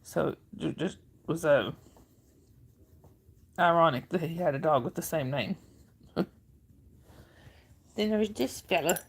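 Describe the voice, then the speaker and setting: A woman's voice: low-pitched, slow pace, vocal fry, pauses often, slightly rough. A middle-aged woman hosting a casual livestream, chatting with viewers, reading their comments aloud and cooing at her dog.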